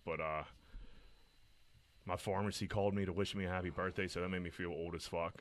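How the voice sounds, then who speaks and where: A man's voice: low voice, fairly even intonation, brisk. A man, rambling and swearing a lot as he tells stories on a casual podcast. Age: 30s. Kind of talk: casual profane chat.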